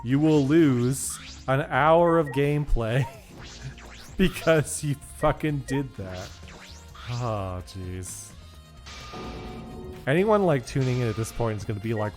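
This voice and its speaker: A man's voice: mid-range voice, lively intonation, slow, long pauses, faint music behind. Frustrated young man streaming a game. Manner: frustrated, swearing, self-mocking rants. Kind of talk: casual gaming stream commentary.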